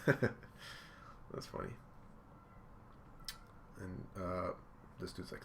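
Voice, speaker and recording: A man's voice: deep voice, fairly even intonation, extremely slow, creaky, long pauses, fairly bright tone, a little hiss or hum. A man giving casual reaction commentary, reading comic dialogue aloud with laid-back asides. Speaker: anime and manga reaction host.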